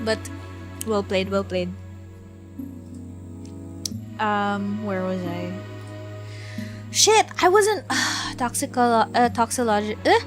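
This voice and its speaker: A woman's voice: mid-range voice, slow pace, long pauses, faint music behind. A young Filipino woman with a Filipino accent, chatting casually and giggling while streaming a video game. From Philippines. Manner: chatty, giggly, switches between English and Tagalog. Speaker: VTuber streamer. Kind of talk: casual game stream chat, reading game text aloud.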